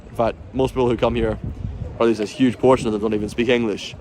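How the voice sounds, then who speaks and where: A man in the middle range of pitch talks to camera outdoors, opinionated and rambling, with a self-mocking laugh in his manner. Faint traffic hums behind him in the street. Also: level tone, fast talker, a little mellow. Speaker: bagpiper vlogger. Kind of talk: casual opinionated talk to camera.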